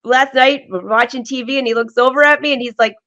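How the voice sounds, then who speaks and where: Chatty excitable woman hosting a live vlog. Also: high voice, fast talker, dull audio. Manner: chatty and excitable, laughs often. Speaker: vlog host. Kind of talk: live-streamed casual chat. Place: home sewing studio.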